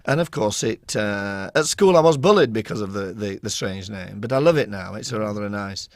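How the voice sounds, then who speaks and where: A man's voice: on the low side, animated, brisk, dry recording. A man from Rotherham, an author and school inspector telling humorous stories as a radio interview guest, acting out the voices he quotes. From England, Rotherham. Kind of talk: anecdotal storytelling in a radio interview.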